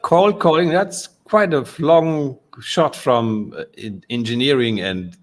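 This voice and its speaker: A man's voice: mid-range voice, slow. A man hosting a podcast who mostly reacts to his guest with short remarks. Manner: brief backchannel reactions. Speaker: podcast host. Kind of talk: casual interview.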